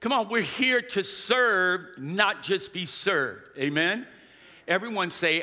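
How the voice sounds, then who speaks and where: High, bright-voiced male preacher in a reverberant hall. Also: expressive, takes it slowly. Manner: call-and-response preaching, rising to shouts. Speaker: pastor. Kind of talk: sermon. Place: large church hall.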